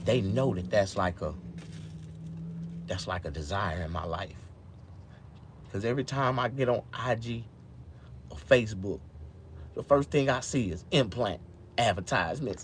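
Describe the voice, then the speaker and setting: A man with a deep, low voice rambles through a casual live stream. His words come out loose and slurred from missing teeth, and he swears freely. He swings between low mumbles and loud, excited outbursts over faint background noise. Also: unhurried, pauses often.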